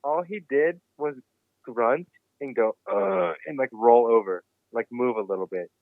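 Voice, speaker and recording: A man telling a wild story in a casual podcast chat, cursing freely and getting animated. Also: medium pitch, moderate pace, no echo. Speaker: podcast guest. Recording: dry, phone-like remote line.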